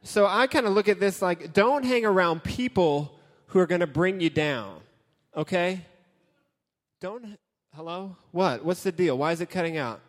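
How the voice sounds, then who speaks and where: Man, youth pastor, joking sermon, interactive with the crowd, high voice, long hall echo. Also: unhurried.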